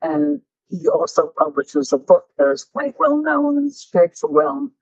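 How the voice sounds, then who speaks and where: A woman's voice: high voice, normal speed, vocal fry, no room sound. An older woman telling stories in a Q&A talk, acting out the voices of people in her anecdotes. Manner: animated, acts out dialogue in stories. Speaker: guest speaker. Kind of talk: storytelling talk with Q&A. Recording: dull, lo-fi dry recording.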